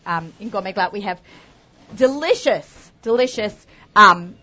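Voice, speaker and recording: A woman's voice: medium pitch, lively intonation, a little slow, sharp tone. An Australian woman hosting a live cooking demonstration, talking chattily and upbeat with lots of asides. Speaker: cooking show host. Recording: dull lo-fi sound.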